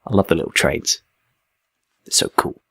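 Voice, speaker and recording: A man's voice: moderate pace, sharp tone, no room sound. A man giving casual, rambling game commentary with self-deprecating asides. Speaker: let's play host.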